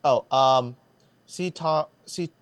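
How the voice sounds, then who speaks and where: A man co-hosting a livestream in a relaxed, easygoing way. he reads out chat messages and donations at a medium pitch. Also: slow, noisy background. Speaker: livestream co-host.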